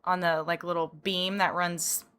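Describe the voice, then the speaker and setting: A woman's voice: on the low side, flat delivery, measured pace, fairly bright tone, clear, resonant tone. A woman hosting a horse-training podcast, chatting casually, giggling often and acting out her own reactions. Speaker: podcast host.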